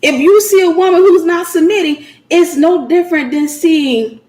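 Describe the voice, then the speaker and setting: A woman speaks in an animated preaching style, repeating phrases and breaking into laughing asides. Her voice sits high, and the room around her rings with echo. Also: normal speed. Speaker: host. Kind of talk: preaching livestream talk.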